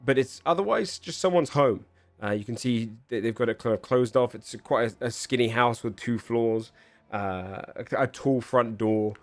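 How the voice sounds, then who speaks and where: A man running a tabletop game, narrating scenes in a rambling, halting way. His voice is mid-pitched and dry, with faint music underneath. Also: no room sound. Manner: rambling, many fillers and restarts. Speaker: game master.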